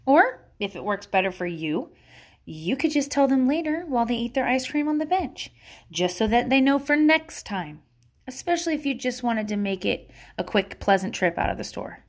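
A woman's voice: on the high side, lively intonation, moderate pace. A woman talking as a mother giving parenting advice in a casual monologue, blunt, swearing freely, laughing and wandering off on tangents.

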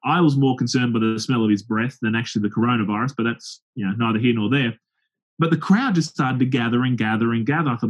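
Husky-voiced preacher telling lively stories. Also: male voice, medium pitch, fast talker. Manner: lively anecdotal storytelling with acted-out quotes. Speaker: pastor and open-air preacher. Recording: dull lo-fi sound.

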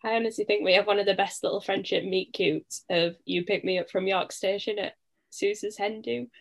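A woman's voice: medium pitch, fairly even intonation, moderate pace, creaky. A woman from northern England, a guest on a podcast, chatting in an easygoing way and laughing often. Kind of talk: casual chat.

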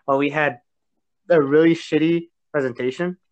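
Young male podcast guest, slightly higher voice, slangy and blunt, curses freely. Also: fairly even intonation, normal speed, dull audio. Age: young adult. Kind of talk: casual podcast chat.

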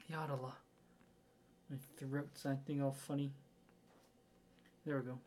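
A man's voice: mid-range voice, little pitch movement, unhurried, darkish tone. A young man co-hosting a casual podcast, rambling and laughing often. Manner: giggly, rambling. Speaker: podcast co-host. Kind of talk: casual chat.

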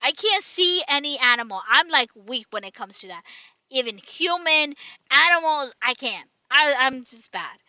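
Bright-voiced woman telling a rambling story. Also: sits high, lively intonation, normal speed, no echo, dull audio. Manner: rambling storyteller, many restarts and "right?". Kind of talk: casual chat.

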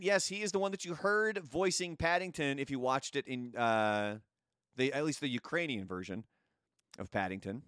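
A man's voice: mid-range voice, moderate pace, a bit bright, smooth, dry recording, clean studio sound. A man hosting a casual news commentary show, chatty and opinionated. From United States. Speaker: host.

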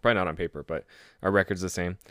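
A man hosting a casual solo sports talk show, excitable, swearing freely and laughing at his own stories. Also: low-pitched, rapid-fire, no echo, studio quality. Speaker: sports podcast host.

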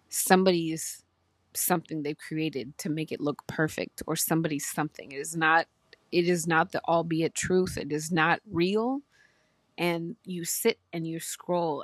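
A woman's voice: sits low, no room sound. A woman hosting a podcast, talking in an earnest, emotional, rambling way with frequent restarts. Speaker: podcast host. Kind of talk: heartfelt casual talk.

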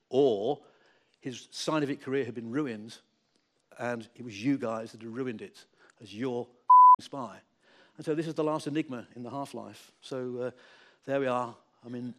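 A man who wrote a book gives a public lecture and takes questions, telling anecdotes in a wry, emphatic way. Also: mid-range voice. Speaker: author giving a public talk. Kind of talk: lecture with audience Q&A. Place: lecture hall.

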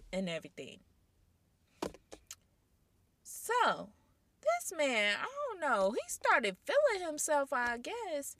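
Animated woman chatting straight to her viewers. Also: fairly high pitch, no echo. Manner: animated, addresses audience directly; rhetorical questions, incredulous asides. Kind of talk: casual reaction commentary.

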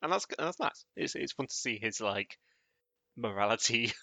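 A man's voice: medium pitch, expressive, normal speed, creaky, sharp tone, no echo. A British man co-hosting a podcast in casual chat, often laughing and restarting his sentences. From Britain. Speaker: podcast co-host.

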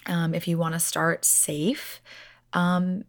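A woman's voice: lowish voice, flat delivery, slow, dry recording, clean studio sound. A woman speaking straight to her viewers, telling a personal story earnestly and repeating herself as she goes. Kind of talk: casual heartfelt storytelling.

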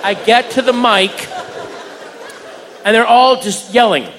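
A man doing stand-up, telling a story in an animated way, acting out voices and shouting punchlines. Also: very high-pitched, takes it slowly. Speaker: stand-up comedian. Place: comedy venue before a live audience. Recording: live room with long reverb and crowd. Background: audience laughter and crowd noise.

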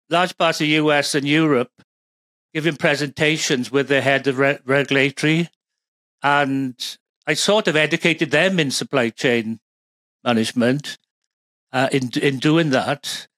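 A man's voice: fairly high pitch, fairly even intonation, a little slow, pauses often, fairly bright tone, no echo. Welsh man, rambling expert guest. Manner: rambling, with many fillers and restarts. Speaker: guest, pharma supply chain expert. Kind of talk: conversational interview.

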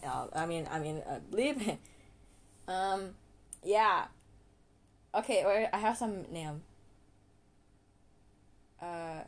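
A woman with a deep, low voice for her sex talks casually as a podcast host. She rambles, giggles and breaks off her own sentences. She drags words out playfully when showing how to say them, over a faint background hiss. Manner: rambling, giggly, self-interrupting; playful, drawn-out name demonstrations. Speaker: podcast host giving English tips. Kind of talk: casual solo chat.

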